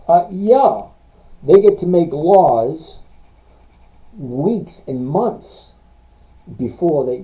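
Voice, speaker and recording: A man hosting a casual live stream, answering viewer questions about stocks and reading figures off charts in a blunt, rambling way. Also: on the high side. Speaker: livestream stock trading host. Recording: tinny phone-like sound.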